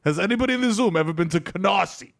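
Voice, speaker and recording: A man's voice: sits high, expressive, creaky. A man in his thirties with a New York accent, a podcast co-host riffing and joking in casual banter. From the Bronx, New York. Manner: quick riffing, laughs often.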